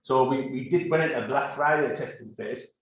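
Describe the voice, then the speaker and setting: A man's voice: mid-range voice, brisk. A man telling a work story to a live audience in a rambling way, full of fillers and restarts. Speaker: conference speaker. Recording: very echoey room.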